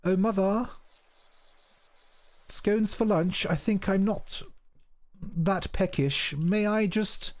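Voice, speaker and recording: A man voicing a prim, posh upper-class English youngster, with a drawn-out, mock-refined delivery and a posh English accent. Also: high-pitched, darkish tone, pitched above the performer's own voice. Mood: prissy.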